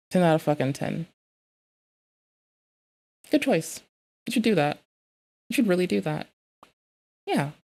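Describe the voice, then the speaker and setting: Swearing, excitable woman streamer. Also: fairly low pitch. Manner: profane, excitable, loud rants. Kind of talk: casual live-stream chat.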